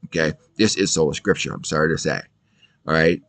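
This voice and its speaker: A man's voice: a bass voice, fast talker, a bit bright, no echo. A man giving a casual video Bible lesson, emphatic and repetitive, asking rhetorical questions and answering them himself. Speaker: Bible teacher.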